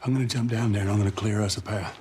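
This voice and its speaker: An actor playing a gruff middle-aged male survivor in a video game, speaking in a gravelly Southern drawl with calm, inflected commands. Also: on the low side, very fast, a little hiss or hum, close to an everyday voice. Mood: steady.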